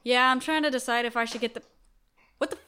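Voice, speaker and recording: Bright, clear-voiced young woman, blunt storyteller. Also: on the high side, quick pace. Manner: animated storyteller, blunt and profane. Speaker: podcast co-host. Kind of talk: casual chat.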